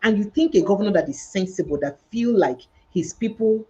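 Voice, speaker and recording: A woman's voice: mid-range voice, animated, fairly quick, dark tone, muffled recording. A Nigerian woman hosting a debate-style discussion who slips into Pidgin and presses her points hard. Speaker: show host.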